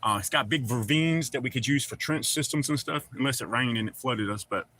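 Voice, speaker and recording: A man's voice: mid-range voice, fairly quick, pushed and bright. A middle-aged man with a Southern accent chats loosely on a livestream, rambling and reading out viewer comments with casual swearing. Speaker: livestream host.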